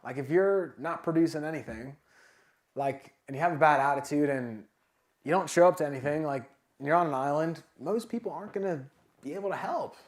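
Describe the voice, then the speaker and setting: A man giving a casual, energetic motivational talk at a sales summit, full of filler words like "like" and "man". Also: a little high, fairly quick. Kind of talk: motivational talk to a live audience. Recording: echoey event room.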